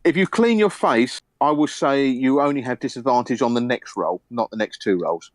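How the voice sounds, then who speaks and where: A man running a tabletop game, narrating in a relaxed, rambling way. His pitch moves a lot as he talks, and the sound is dry and close. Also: normal speed, no echo. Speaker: game master.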